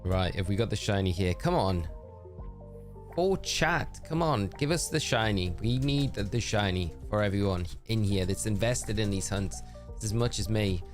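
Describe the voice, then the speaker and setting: This man's voice sits on the low side, with lively intonation and a normal pace, over soft background music. Though he sounds tired, he chats casually and cheerfully with viewers while live-streaming a game, thanking them by name.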